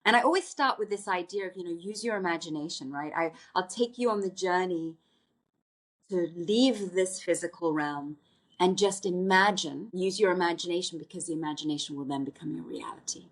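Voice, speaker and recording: A woman's voice: fairly low pitch, moderate pace. Earnest woman recounting a spiritual experience. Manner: earnest, reflective, with frequent restarts. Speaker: podcast guest, artist. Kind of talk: personal storytelling in conversation.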